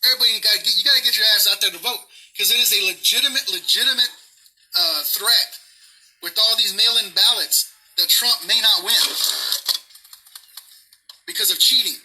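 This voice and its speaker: A man's voice: high-pitched, normal speed, long pauses, pushed and bright, poor audio. A man delivering an angry political rant outdoors, swearing heavily and repeating himself for emphasis. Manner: heavy swearing, emphatic and repetitive. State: pissed off. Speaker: vlogger. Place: outdoors near grass.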